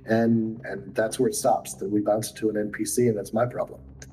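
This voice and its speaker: A man's voice: fairly low pitch, brisk, dark tone, faint music behind, poor audio. A man acting as game master, upbeat and joking, laughing often as he explains the rules to his players. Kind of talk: running a tabletop game.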